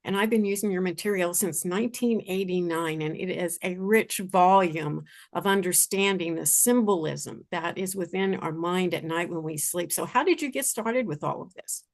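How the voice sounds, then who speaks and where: A woman's voice: lowish voice, normal speed, gravelly, few pauses. A woman hosting an interview, speaking appreciatively and measuredly as she introduces her guest's work and asks a question. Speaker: interview host.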